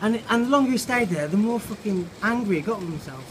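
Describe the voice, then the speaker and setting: A man's voice: high-pitched, lively intonation, fast talker. A man reading his own children's story aloud, tipsy and improvising, swearing and laughing as he goes, recorded outside a pub. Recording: loud outdoor background noise.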